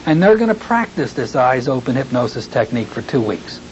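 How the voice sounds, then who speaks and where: A man teaching hypnotherapy in a recorded training lecture, talking in a folksy way and slowing into a soothing tone when he demonstrates suggestions. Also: mid-range voice, very animated. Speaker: hypnotherapy instructor. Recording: dull lo-fi tape with faint hiss.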